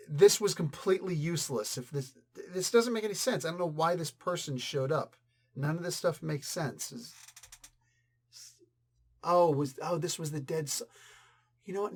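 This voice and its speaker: A middle-aged man giving a casual spoken comic book review, thinking aloud and reacting as he reads. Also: fairly high pitch.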